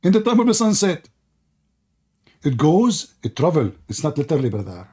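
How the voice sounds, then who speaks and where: A man hosting a live debate call, mocking and sarcastic, laughing often and hoarse from talking for hours. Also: a little high, huge pitch swings, moderate pace, mellow. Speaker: debate stream host.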